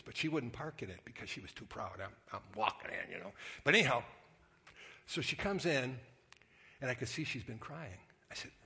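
Casting: older male pastor, folksy storytelling sermon, bright clear tone. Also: medium pitch. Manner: folksy, conversational storytelling, acts out quoted voices in a hushed whisper.

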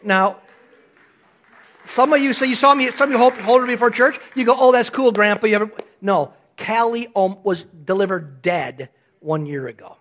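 A man's voice: sits high, moderate pace, a bit bright. An older man, a grandfather, giving a conversational sermon, telling a story and putting rhetorical questions to his congregation. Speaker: pastor.

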